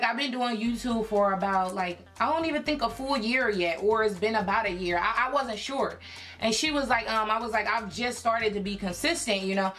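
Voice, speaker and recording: A young woman from Philadelphia telling a personal story in a casual vlog, chatty and animated, full of fillers and acted-out quotes. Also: a little high. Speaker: YouTube creator.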